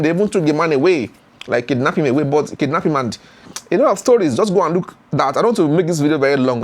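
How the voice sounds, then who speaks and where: A man, retelling a story as a YouTube commentator with many fillers and acted-out voices. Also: a little high. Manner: animated retelling with frequent fillers, acts out voices.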